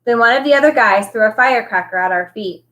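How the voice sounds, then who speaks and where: A woman who teaches, reading a novel aloud with expressive storytelling. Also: a little high, fast.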